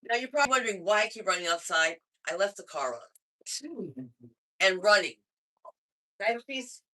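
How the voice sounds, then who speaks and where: A woman hosting a comedy open mic, loud, excitable and chatty, in a small club room. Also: medium pitch, fairly quick, rough recording. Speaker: show host.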